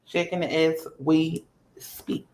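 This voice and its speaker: A woman co-hosting a casual chat who teases her partner and keeps up with quick replies and backchannel sounds. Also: low voice, flat delivery, a little mellow, poor audio.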